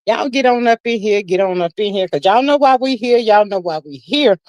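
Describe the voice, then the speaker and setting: A woman's voice: mid-range voice, animated, brisk, a little mellow, dry recording, low-quality recording. A woman hosting a casual livestream, chatty and slangy, greeting viewers by name and reading their comments aloud. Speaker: livestream host.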